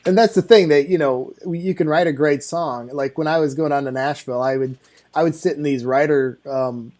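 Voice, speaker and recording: A man's voice: on the high side, normal speed, a little mellow. A man hosting an interview, easygoing and affirming in a chatty way. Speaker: podcast host. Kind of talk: casual interview chat.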